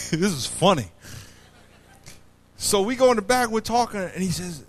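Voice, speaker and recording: A man preaching a sermon as pastor, swinging between loud bursts and hushed low passages. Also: big pitch swings, measured pace, long pauses, a little hiss or hum. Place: church.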